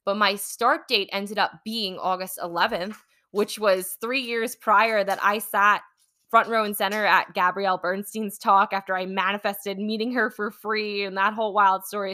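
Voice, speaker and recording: On her own podcast, a woman who works as a manifesting coach shares a personal story in an unhurried, fairly even mid-range voice that sounds pushed and bright. She's chatty and rambling, dropping "like" and "you know" constantly.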